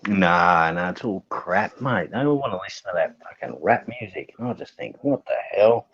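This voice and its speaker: A man's voice: sits low, expressive, moderate pace, a bit bright, highs cut off. An easygoing man with an Australian accent, a guest chatting casually and saying "mate" often. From Western Australia. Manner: easygoing, says "mate" a lot. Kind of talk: casual chat.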